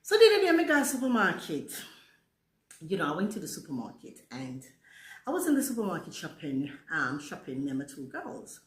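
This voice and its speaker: A woman's voice: fairly low pitch, huge pitch swings, a little fast. A woman in her forties with a Jamaican accent tinged with British, telling a rambling storytime monologue and mixing patois into her English. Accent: Jamaican, mixed with British. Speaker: vlogger. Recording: roomy echo.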